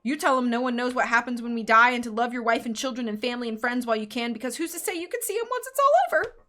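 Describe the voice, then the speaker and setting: A man's voice: very high voice, lively intonation, rapid-fire, pushed and bright, full character voice. A woman voicing a solemn male deputy with an earnest, preachy delivery.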